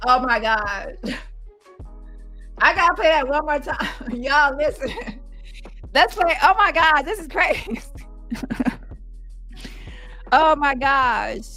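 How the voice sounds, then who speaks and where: A high-voiced woman hosts a reaction stream, sarcastic and incredulous as she reacts. Her bright, sharp tone comes through a phone mic. Faint music plays behind her. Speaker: commentary show host. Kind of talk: reaction commentary livestream.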